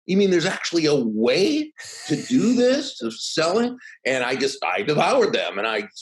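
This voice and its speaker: A man in his sixties, a guest author and speaker, telling anecdotes in an animated interview style. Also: a little high, moderate pace, low-quality recording. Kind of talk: interview storytelling.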